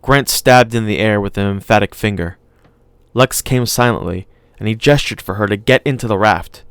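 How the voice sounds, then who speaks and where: Low, smooth male voice reading an audiobook, calm and measured, dry close sound. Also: no room sound. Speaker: audiobook narrator. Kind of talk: scripted narration.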